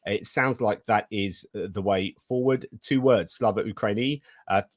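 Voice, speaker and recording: Low-voiced man co-hosting a live stream. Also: moderate pace, dry recording, studio quality. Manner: chatty, reads out viewer comments. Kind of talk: casual live stream commentary.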